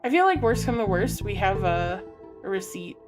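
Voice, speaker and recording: A woman's voice: medium pitch, lively intonation, normal speed, music in the background. A woman streaming a game, reading the dialogue aloud and putting on goofy voices for the characters. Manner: reads every character herself, swinging between goofy put-on voices and her own. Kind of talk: casual let's-play with read-aloud voices.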